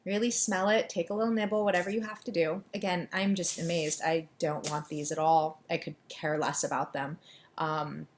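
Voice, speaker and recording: Speaking in a lowish, steady voice, a woman walks her audience through EFT tapping at an intentionally brisk pace. Her directions are rapid but soothing, and she offers affirmations for them to echo back. A little background noise can be heard.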